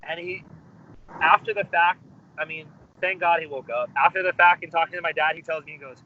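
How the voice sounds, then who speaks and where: A man's voice: on the high side, brisk, slight background noise. A young man from Hawaii, telling a story in a casual interview with many fillers and restarts. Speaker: musician guest. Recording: dull lo-fi interview audio.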